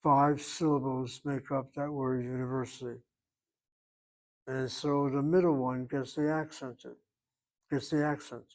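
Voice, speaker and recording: A man's voice: medium pitch, little pitch movement, measured pace, a little mellow, rough recording. An older man teaching a Hebrew class, explaining grammar patiently and repeating his points. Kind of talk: online class lecture.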